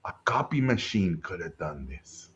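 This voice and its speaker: A man voicing a gruff, stern older Hungarian art teacher who talks blunt and backwards, lower and quieter than his own voice. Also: very animated, moderate pace, highs cut off. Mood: scornful. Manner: blunt, Yoda-like word order.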